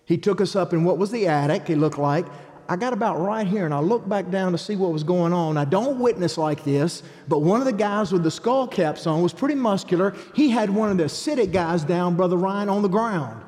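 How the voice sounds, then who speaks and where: A middle-aged man preaching a testimony, telling his story in an animated way and acting out what people said. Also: high-pitched, brisk, big-room sound. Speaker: evangelist.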